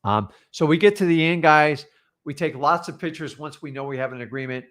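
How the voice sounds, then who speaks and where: A man's voice: a little high, brisk, fairly bright tone. A man coaching a class on real estate deals, talking in punchy, direct bursts and acting out sample lines with sellers. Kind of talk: live training talk.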